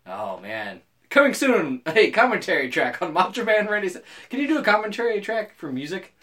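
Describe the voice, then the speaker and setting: Young male podcast co-host, crude and jokey, fast delivery. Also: high voice, very animated, a bit bright. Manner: crude, joking, lots of laughter. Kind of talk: casual off-topic podcast chat.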